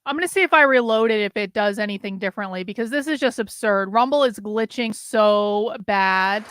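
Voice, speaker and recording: A woman's voice: mid-range voice, a little fast, fairly bright tone, smooth, no echo. A woman from New England hosting a live commentary stream, talking in a joking, playful way. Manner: joking, playful, talks over the feed. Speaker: host.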